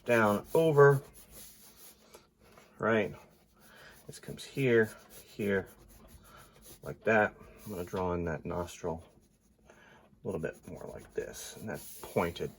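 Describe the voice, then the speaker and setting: An artist with a stuffy, congested nose chats casually while drawing, thinking out loud and often trailing off into quiet mumbles. His voice is deep, and he speaks slowly with long pauses.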